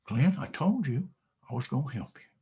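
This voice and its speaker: A man voicing a gentle talking cow. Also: medium pitch, big pitch swings, moderate pace, breathy edge, full character voice. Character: talking milk cow, female, kindly helper.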